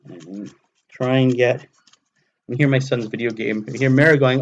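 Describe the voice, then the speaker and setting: A man's voice: mid-range voice, steady tone, moderate pace, long pauses. A man in his thirties casually streaming live from his hobby table at home, talking himself through each step as he builds. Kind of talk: casual live-stream commentary while crafting.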